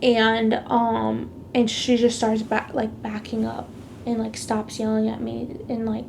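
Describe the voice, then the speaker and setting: A woman's voice: on the high side, monotone, unhurried, creaky, noisy background. A woman telling a personal story in a casual, chatty way, leaning hard on "like" and stressing the big moments. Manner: chatty, heavy use of "like"; emphatic retelling of a past conflict. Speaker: vlogger sharing a faith testimony.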